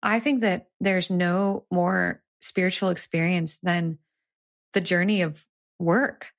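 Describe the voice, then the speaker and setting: A woman's voice: lowish voice, steady tone, takes it slowly, dry recording, studio quality. A woman, an executive coach and author, telling a story in an earnest, reflective way as an interview guest.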